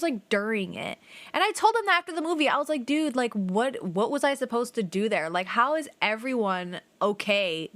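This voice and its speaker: A young woman streams a video game and rambles through casual let's-play stories, animated and full of "like," with the odd swear. Her voice sits fairly high, and there's no echo.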